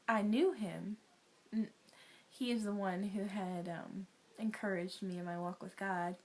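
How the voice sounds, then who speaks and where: A young adult woman giving an earnest, emotional personal faith testimony, often sighing and dropping to a soft near-whisper. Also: medium pitch, gravelly. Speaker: guest sharing a testimony.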